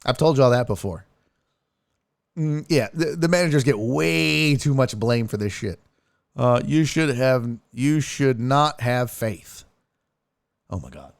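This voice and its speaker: A man's voice: mid-range voice, dry recording, clean studio sound. A man hosting a live sports stream, ranting and laughing his way through tweets in casual, profane chat. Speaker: streaming sports show host.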